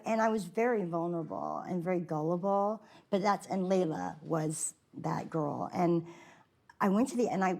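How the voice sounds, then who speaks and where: In an interview, an actress with a fairly low, somewhat mellow voice reminisces about a film role she played, using lots of "likes" and restarting her sentences.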